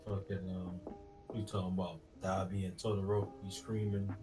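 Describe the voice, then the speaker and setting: A man co-hosting a casual podcast, laid-back and teasing, often laughing. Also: low-pitched. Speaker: podcast co-host. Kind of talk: casual chat.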